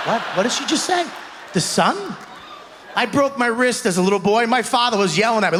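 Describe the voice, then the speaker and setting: A young man performing a stand-up set on stage, animated, shouting punchlines and acting out voices. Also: very high voice, a little fast, a little hiss or hum. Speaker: stand-up comedian. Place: comedy club stage before a live audience. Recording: live stage audio with long hall reverb.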